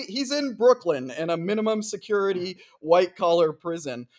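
Chatty, slightly high-voiced male host. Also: expressive, moderate pace, a little mellow. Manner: wry, chatty, reads quotes aloud. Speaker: podcast host. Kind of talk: casual news podcast.

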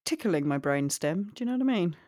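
A woman's voice: on the low side, animated, quick pace, darkish tone. A woman co-hosting a casual podcast, swearing and thinking aloud as she guesses song lyrics. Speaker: podcast co-host. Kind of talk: casual chat, quiz game.

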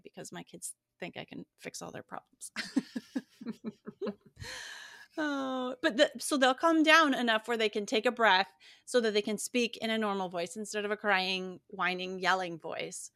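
A woman co-hosting a podcast, explaining things in a calm, thoughtful way. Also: mid-range voice, measured pace, no room sound, studio quality. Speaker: podcast co-host. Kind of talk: casual chat.

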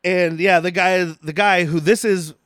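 A man's voice: sits high, steady tone, a little slow, fairly bright tone, no room sound, studio quality. A man co-hosting a podcast, casually recapping a movie, laughing often and acting out quotes in silly voices. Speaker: podcast co-host.

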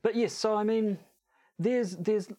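Dry low-key man co-hosting. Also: measured pace, warm tone. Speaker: podcast co-host. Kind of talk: casual chat.

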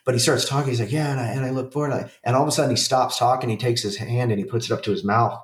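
A man's voice: mid-range voice, rapid-fire, roomy sound, recorded from a distance. A man in his forties, a podcast co-host, chatting casually in a rambling, profane way with lots of fillers and restarts. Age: 40s. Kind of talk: casual chat.

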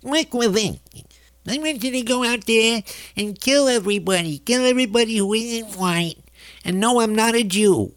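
A woman's voice: on the high side, moderate pace, dry recording, pitched above the performer's own voice, natural voice. A woman mimicking a pompous male talk radio pundit, speaking through a pinched, nasal voice. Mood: mock ranting.

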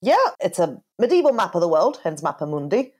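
A woman's voice: lowish voice, very animated, fairly quick, warm tone. A woman co-hosting a podcast, explaining things with a playful, dry sense of humor. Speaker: podcast co-host. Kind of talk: casual podcast chat.

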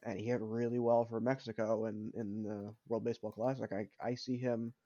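A man's voice: on the low side, level tone, normal speed, dark tone, no room sound. Opinionated young man, dull lo-fi sound. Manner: opinionated, argues back, repeats himself. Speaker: podcast co-host. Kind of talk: casual sports chat.

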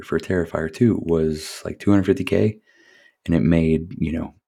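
A man's voice: rumbling low, vocal fry, mellow. A man hosting a casual solo podcast, rambling with profane, chuckling asides. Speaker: podcast host.

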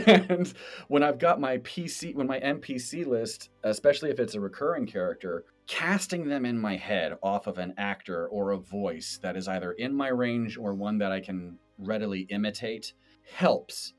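A man's voice: lowish voice, moderate pace, soft background music. A man hosting a podcast, chatting animatedly about running games and doing character voices. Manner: animated, explains by demonstrating voices. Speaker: game master and podcast host. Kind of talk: casual podcast chat.

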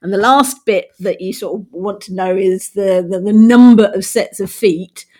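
A woman's voice: medium pitch, moderate pace, warm tone. A woman, co-hosting a podcast and explaining poetry in a playful, teacherly way. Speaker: podcast co-host. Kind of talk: casual chat.

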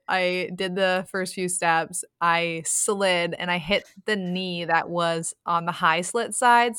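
A woman, a sex coach, chatting as a podcast guest and telling animated stories with frequent laughter. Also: fairly low pitch, clean tone, no echo. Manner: animated storyteller, laughs often. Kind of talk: casual podcast chat.

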